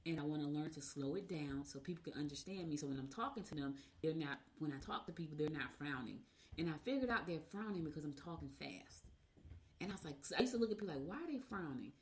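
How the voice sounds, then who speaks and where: A woman hosting a radio show, reading horoscopes in a casual, chatty way and rambling into personal asides. By her own account she talks fast. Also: low voice, animated, darkish tone, a little hiss or hum.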